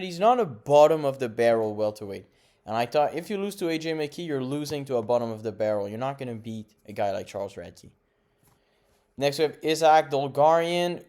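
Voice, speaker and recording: A man's voice: mid-range voice, darkish tone. A young man hosting a casual fight recap, rambling, correcting himself and giving blunt opinions. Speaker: MMA podcast host.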